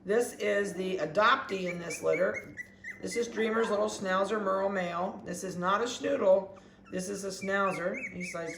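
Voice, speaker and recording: A dog breeder chatting casually while weighing and collaring puppies, talking softly and coaxingly to them. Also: mid-range voice, normal speed, creaky. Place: indoor kennel room. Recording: echoey room with faint background noise.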